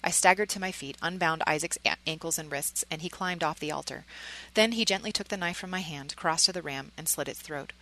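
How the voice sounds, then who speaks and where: A woman narrates a story in the first person, earnest and emotionally engaged. Her voice is low-pitched yet bright and crisp. Small slips and restarts come through now and then. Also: a little fast, rough recording.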